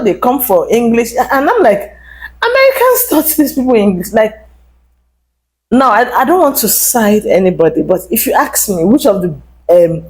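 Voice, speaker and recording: A woman's voice: mid-range voice, rough recording. A young adult woman vlogger giving emphatic, casual commentary straight to her viewers. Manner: animated, emphatic, addresses viewers directly.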